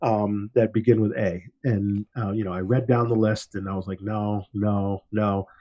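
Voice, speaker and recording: A relaxed man spins a story on a podcast, slipping into lively voices when he quotes people. The audio is a little dull and lo-fi. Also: lowish voice, normal speed. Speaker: podcast host. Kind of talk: casual storytelling chat.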